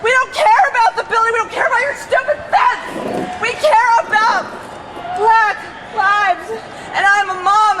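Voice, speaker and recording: A woman protester giving an emotional, shouted street speech outdoors. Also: very high voice, steady tone, unhurried, poor audio. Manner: shouting, emotional, tearful laughter. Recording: crowd and street noise. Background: crowd noise.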